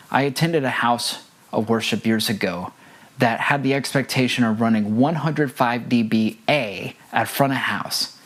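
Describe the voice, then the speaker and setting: An earnest front-of-house audio engineer teaches sound engineers in a mid-range voice. He speaks emphatically and repeats his key points, mixing instruction with personal stories.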